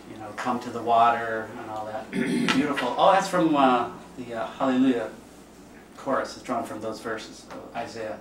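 Speaking at a medium pitch with a fairly bright tone, a priest teaches a class in a relaxed, conversational way, performing the voices of those he quotes. It's recorded from a distant mic in an echoey room with faint background noise.

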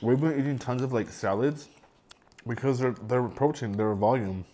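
A man's voice: mid-range voice, moderate pace, dark tone, slight background noise. A man in his thirties talking casually to camera as a food vlogger, rambling with repeated words and fillers. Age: 30s. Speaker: mukbang vlogger.

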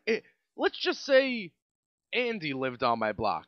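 This young New York-accented podcast host from Staten Island speaks at a moderate pace in a high voice whose pitch swoops wildly. Alone on his casual show, he rants in a rambling, exasperated way, restarting often; there's no echo, and the highs are cut off.

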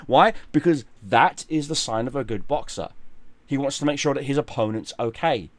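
High-voiced, scornful man ranting. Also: fairly quick, no echo. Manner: profane, scornful, animated. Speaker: gaming and boxing commentator. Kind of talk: mocking fight commentary.

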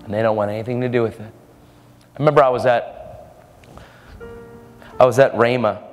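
A man's voice: medium pitch, fairly even intonation, normal speed. A man preaching a storytelling sermon in an earnest, casual way, often repeating his words. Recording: echoey hall with faint music.

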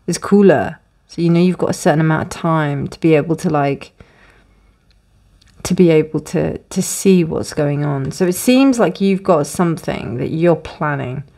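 A woman's voice: low voice, moderate pace, vocal fry, warm tone. A woman giving a casual tarot reading, rambling with many restarts and fillers. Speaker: tarot reader. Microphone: close, dry room with windows closed.

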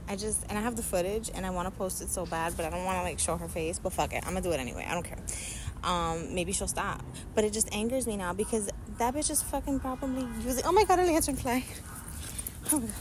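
A young woman ranting through a casual storytime, lively and profane, slipping into the voices of the people she quotes. A faint hiss sits under her voice. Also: medium pitch, quick pace. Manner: animated, swearing, acts out quotes. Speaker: vlogger telling a story.

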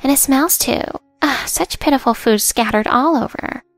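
A woman's voice: high-pitched, moderate pace, dry recording, soft background music, pitched above the performer's own voice. A woman reading as an entitled, sneering young coworker.

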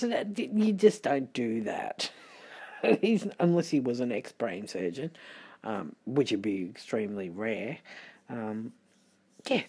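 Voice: mid-range voice, mellow, husky. A middle-aged tarot reader with an Australian accent, chatting casually and rambling with muttered asides, sleepy late at night.

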